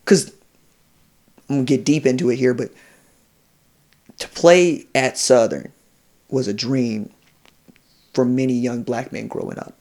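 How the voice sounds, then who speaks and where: A man in a casual sports podcast chat, telling recruiting stories with animated energy and slipping into quoted voices. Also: medium pitch, unhurried, long pauses. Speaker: college football recruiting analyst.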